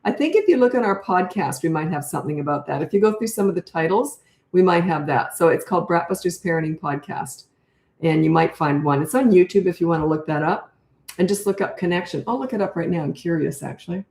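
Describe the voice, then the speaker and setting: An older woman answers viewer questions in an off-the-cuff live Q&A, blunt and matter-of-fact, with frequent restarts as she thinks aloud. Her voice sits fairly low, and the room around her is echoey. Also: fast talker, a little mellow. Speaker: parenting coach.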